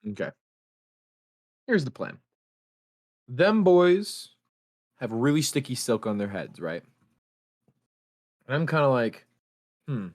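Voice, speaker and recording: A man's voice: mid-range voice, unhurried, pauses often. A man playing a tabletop role-playing game, describing his hero's moves casually and laughing often. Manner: laid-back, laughing, animated. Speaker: player.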